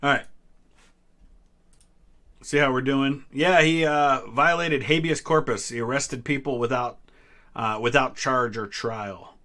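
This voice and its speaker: Male host, 30s, from the US Midwest, bright tone, relaxed trivia-stream chatter. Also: mid-range voice, measured pace, long pauses. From Ohio, US Midwest. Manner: relaxed, answers chat questions with small hesitations. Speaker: history channel host. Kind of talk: casual live-stream trivia chat.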